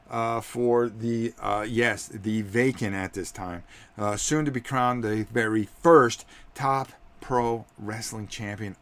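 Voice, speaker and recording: A man hosting a live tabletop wrestling game, commentating in an excitable, rambling way with many fillers. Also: mid-range voice, no echo.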